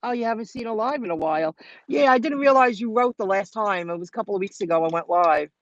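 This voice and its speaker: A woman's voice: medium pitch, expressive, fast talker, dry recording. Woman vlogger, casual and rambling, live from her car, dry and dull lo-fi phone audio. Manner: chatty, rambling, talks straight to viewers. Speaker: vlogger hosting a live stream. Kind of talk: casual live-stream storytelling. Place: in her car while driving.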